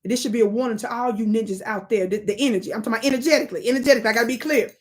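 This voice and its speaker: A woman hosting a live stream, reading history aloud and calling out to her chat in an animated, preachy way. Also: on the high side, rapid-fire, husky. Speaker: livestream host.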